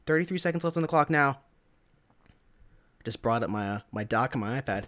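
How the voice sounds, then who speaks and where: A young American man casting a live shooter match, getting louder on big plays and chatting between rounds to thank donors. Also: medium pitch, fairly quick. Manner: excitable, rising to shouts on big plays. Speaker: esports caster. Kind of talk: live game commentary.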